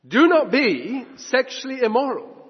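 A man delivering a sermon in a fairly high, husky voice, his pitch climbing and dropping widely as he drives home each point. He swings from loud declarations to hushed asides. The recording is dull and carries the long reverb of a church hall. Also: sing-song, a little slow. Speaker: preacher.

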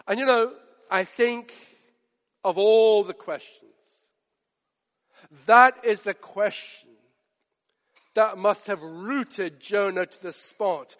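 Man preaching, high voice, slow deliberate delivery, dramatic, long hall reverb. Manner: dramatic, acts out quoted lines with hushed slow emphasis. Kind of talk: sermon.

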